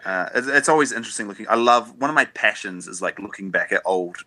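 Bright-voiced New Zealand man, laid-back. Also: lowish voice, fast, no echo. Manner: easygoing, laughs often, lots of fillers and restarts. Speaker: guest. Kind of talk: casual podcast chat.

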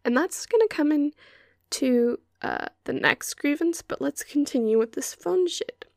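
A woman's voice: high voice, expressive, measured pace, vocal fry, no echo, studio quality. A young woman hosting a podcast, ranting in an exasperated, sarcastic and sweary way. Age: young adult. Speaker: podcast host. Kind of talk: ranting monologue.

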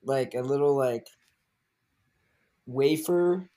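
A man's voice: medium pitch, takes it slowly, a loud crowd. A young man hosting a podcast, chatting casually with many fillers and acting out movie lines in funny voices. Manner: animated, quotes movie lines in put-on voices; many fillers, laughs often. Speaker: podcast host. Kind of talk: casual chat.

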